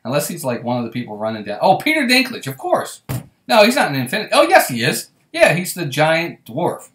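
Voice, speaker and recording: A man hosting a casual live stream, with a lively, bouncing voice that rises and falls. He chats freely, laughs a lot and reads viewer comments aloud. The sound has a roomy echo. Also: fairly high pitch, a little fast, a little hiss or hum. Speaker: host.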